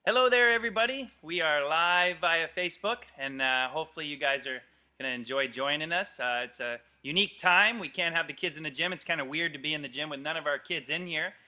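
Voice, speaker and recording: An energetic middle-aged gymnastics coach, voice a little high and brisk, calls commands and playful yells to a live kids' class. The empty gym gives everything an echo.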